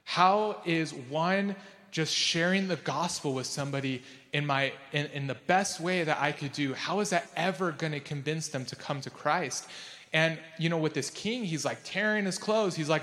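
A man preaching a casual, conversational sermon as a pastor. He uses lots of fillers and jumps up in pitch for emphasis. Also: normal speed, a bit bright, big-room sound. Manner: casual and chatty, with many fillers like "like".

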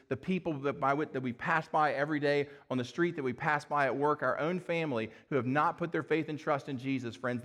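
A man preaching a sermon in a fairly high voice. He reads scripture verses, asks the listeners rhetorical questions and addresses them as friends. His delivery is earnest throughout. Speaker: pastor.

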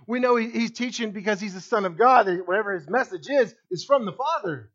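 A male pastor delivers a sermon with lively, animated preaching. He swings between loud emphasis and near-hushed asides and keeps turning to the congregation with questions. The recording sounds a bit dull and muffled. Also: a little fast. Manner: animated preaching with wide swings in pitch and loudness; asks the congregation questions directly.

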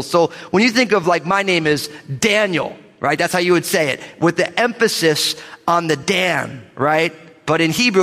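A man preaches with bright energy, slipping in jokes and calling out for amens. His voice sits a little high for a man. The sound rings with the long reverb of a church sanctuary. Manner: animated, joking asides, calls for amens. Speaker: pastor. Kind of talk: sermon.

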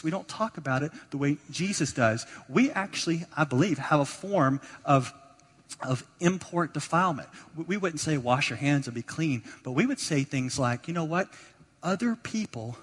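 A man preaching a sermon as pastor, emphatic, dropping to quiet asides and building to loud exhortation. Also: mid-range voice. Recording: long hall reverb.

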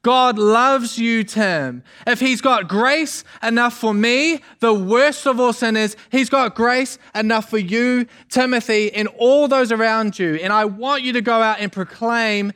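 Young preacher voicing apostle paul, old mentor, weighty slow delivery. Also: male voice, fairly high pitch, steady tone, fairly bright tone, clean tone, pitched below the performer's own voice. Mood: fervent. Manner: slow, emphatic, rousing. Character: the apostle Paul, elderly male mentor, fervent.

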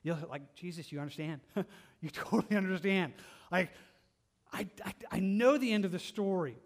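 Earnest higher-voiced male preacher. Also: lively intonation, normal speed. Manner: earnest, conversational, with frequent restarts and soft laughs. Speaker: pastor. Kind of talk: verse-by-verse sermon.

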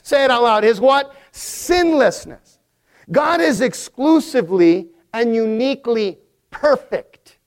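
A male pastor preaching a sermon, building emphatic crescendos and calling for congregation responses. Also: very high voice.

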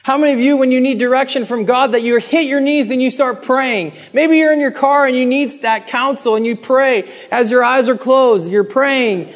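High-voiced man preaching in a reverberant hall. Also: moderate pace, few pauses. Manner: earnest, conversational, acts out pleading prayers. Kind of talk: sermon.

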